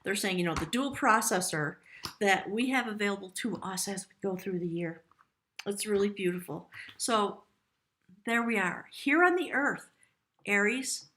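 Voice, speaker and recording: A woman's voice: medium pitch, animated, normal speed, fairly bright tone, a little hiss or hum. A middle-aged woman, giving a casual, earnest tarot reading to camera, chatty and prone to restarts. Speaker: tarot reader.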